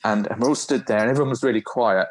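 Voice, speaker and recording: A man, a podcast guest, telling animated, informal stories from his own experience. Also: mid-range voice, racing. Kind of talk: storytelling in a podcast interview.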